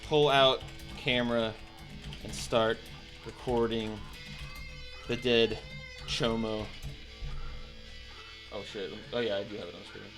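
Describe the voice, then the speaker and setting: A man's voice: medium pitch, fairly even intonation, takes it slowly, pauses often, over music. A man streaming a text adventure game, chatting casually, laughing often and swearing as he thinks aloud. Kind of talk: casual let's-play commentary.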